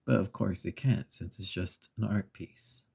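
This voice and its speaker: A man with a gravelly, breathy voice, retelling a children's story as a soft-spoken ASMR host, slow and meandering with pauses. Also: low voice.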